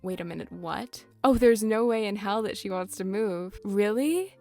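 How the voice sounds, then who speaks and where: A woman's voice: mid-range voice, animated, normal speed, a little mellow, soft background music. A woman doing casual, rambling gameplay commentary with sarcastic, dramatic asides. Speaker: gaming YouTuber.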